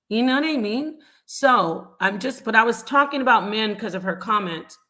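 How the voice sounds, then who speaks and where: Casual woman host answering chat live: animated, repeats herself, slips into quoted voices. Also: fairly high pitch, normal speed, few pauses. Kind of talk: casual live-stream commentary.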